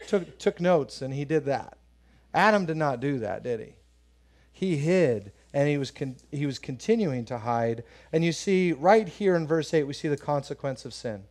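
A man of medium pitch with a slightly mellow voice delivers a conversational sermon as a pastor. He shares personal stories, does voices when quoting others, and puts questions to the congregation.

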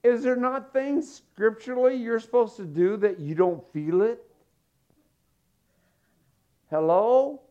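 A man's voice: extremely high pitch, normal speed, hardly any pauses, a little mellow, smooth. A man preaching a sermon in a folksy, joking storytelling manner. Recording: dull lo-fi sermon recording.

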